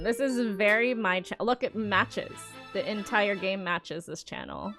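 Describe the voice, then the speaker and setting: A woman's voice: mid-range voice, expressive, a little slow, a bit bright, faint music behind. A young adult woman streamer gives a casual, enthusiastic reaction to a games showcase and muses aloud as she goes.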